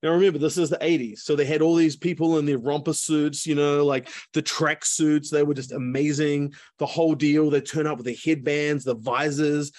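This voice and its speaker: A man's voice: a little high, steady tone, normal speed, hardly any pauses, darkish tone, no room sound, clean studio sound. A man telling a story in a casual, chatty way, full of asides, over a video call. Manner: chatty, lots of fillers and asides. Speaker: speaker.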